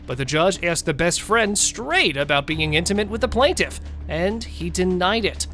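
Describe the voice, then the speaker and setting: Lively high-voiced male recap narrator. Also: moderate pace. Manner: mocking, gossipy commentary. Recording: voice-over over faint music.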